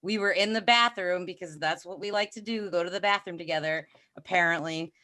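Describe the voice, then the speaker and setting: A woman with a New York accent, telling stories in lively casual chat on a livestream. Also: lowish voice, a little fast. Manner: lively, chatty storytelling. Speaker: content creator on a livestream.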